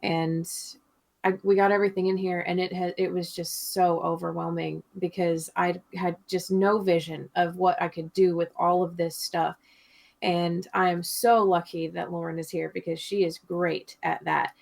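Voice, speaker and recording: A woman's voice: lowish voice, flat delivery, moderate pace, creaky, darkish tone. A woman co-hosting a podcast, telling a long story in a rambling, chatty way and laughing often. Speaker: podcast co-host. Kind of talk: casual chat.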